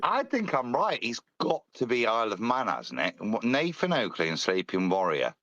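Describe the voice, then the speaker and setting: A man's voice: mid-range voice, wildly swooping pitch, moderate pace, fairly bright tone, no room sound, dull audio. A man from the United Kingdom co-hosting a casual live stream, talking bluntly and crudely with frequent restarts. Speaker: co-host.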